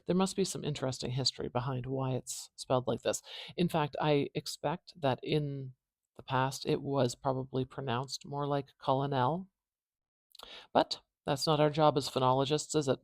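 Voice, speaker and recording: A woman with a North American accent hosting a phonetics lesson, explaining clearly and modeling pronunciations aloud. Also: extremely low pitch, fairly even intonation, normal speed, no echo, studio quality. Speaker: phonetics teacher, channel host.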